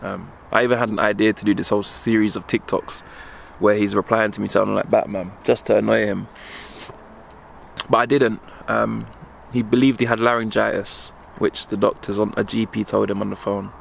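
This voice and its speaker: A young man vlogging while walking outdoors, speaking haltingly as he holds back tears, with many pauses and fillers. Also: fairly low pitch, flat delivery, gravelly, slight background noise. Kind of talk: emotional personal vlog.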